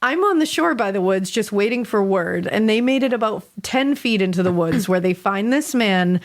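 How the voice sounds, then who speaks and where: An animated young woman reads a listener's spooky tale aloud as a podcast co-host. She tells it with energy, often breaking into laughs and casual swearing. Her voice sits at an ordinary middle pitch. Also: moderate pace. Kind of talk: reading a listener's story aloud.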